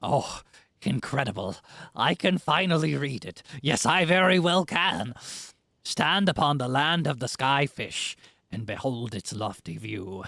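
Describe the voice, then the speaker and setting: A man's voice: medium pitch, animated, unhurried, gravelly, pushed and bright, no room sound, exaggerated voice. A man voicing a pompous male fish-folk historian in a grandiose, pirate-like reading voice. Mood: awed.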